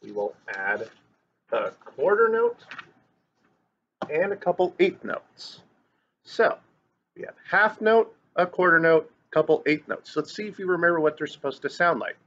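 This online lesson features a male music teacher with a fairly high, fairly bright voice, lively in intonation and unhurried, as he teaches grade school children to read rhythms. He chants note syllables and cheers them on, filmed on camera in a classroom or at home, in a dull lo-fi recording.

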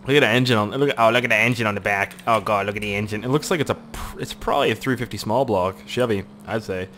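A man's voice: fairly low pitch, fast, sharp tone, a little hiss or hum. Rambling, foul-mouthed canadian guy. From Canada, Nova Scotia. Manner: rambling, crude, jokey, swears a lot; puts on silly voices for quoted people. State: throat irritated, coughing. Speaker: gaming video host. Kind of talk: casual gameplay commentary.

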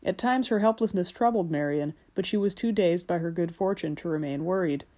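A woman narrating a fairy-tale audiobook in a measured, gentle storytelling manner. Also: lowish voice.

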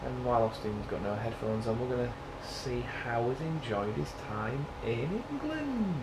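A man's voice: medium pitch, animated, moderate pace, echoey room, very noisy. A man from a band, chatting and joking casually as he films a backstage tour video in a dressing room. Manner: chatty, jokey, presenting to camera.

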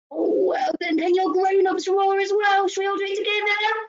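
A woman leading a children's story session, talking to toddlers in an animated sing-song way, gasping with delight and coaxing them to join in. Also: very high voice, unhurried, lo-fi sound. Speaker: early years practitioner.

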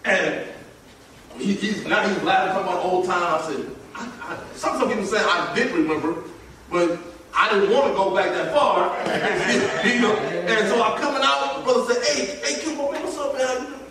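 A high-voiced male pastor tells his story with lots of laughter, sounding like he's some distance from the mic. His voice rings through a big, echoey church, and the congregation's murmured answers come back from the pews. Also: moderate pace, crowd noise. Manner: animated, laughing while telling a story. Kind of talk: storytelling sermon. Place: large church sanctuary. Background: congregation responding.

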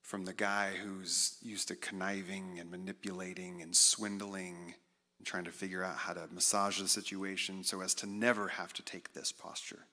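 A middle-aged man giving a conversational, animated sermon as guest speaker, acting out quotes with self-deprecating humor. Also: low-pitched, moderate pace. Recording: reverberant hall.

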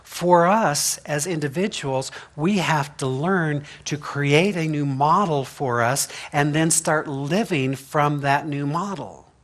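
Pastor, male, slightly higher voice, folksy humorous sermon delivery with frequent laughs and rhetorical "right?". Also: slow, hardly any pauses, fairly bright tone. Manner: chatty and humorous, laughs often, asks "right?". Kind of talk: conversational sermon. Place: church sanctuary.

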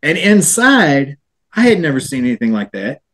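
A man's voice: on the high side, very animated, moderate pace, a bit bright. A man, a paranormal investigator, telling a ghost-tour story in casual chat and acting out the people he quotes.

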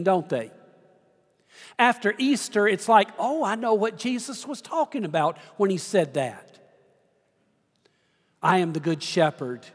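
A man preaching from the pulpit, his voice sitting high and his words measured out slowly. He tells stories with deliberate, dramatic pauses, and a long reverb trails after him through the sanctuary. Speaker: pastor. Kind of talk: sermon. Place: large church sanctuary.

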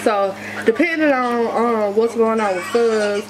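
A woman's voice: on the high side, measured pace, a crowd in the background, rough recording. A woman in her twenties, chatting casually to her viewers in a loose vlog style. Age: 20s. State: out of breath at times. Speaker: vlogger.

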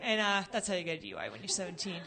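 A woman's voice: on the low side, very animated, rapid-fire, gravelly, bright, forceful tone. A woman doing stand-up on a club stage, rambling and getting flustered and worked up. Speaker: stand-up comic. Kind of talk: stand-up set.

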